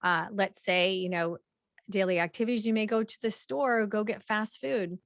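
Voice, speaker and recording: A woman presenting a slideshow workshop in a conversational way, with frequent fillers and repeated throat clearing. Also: mid-range voice, fairly even intonation, normal speed, no echo.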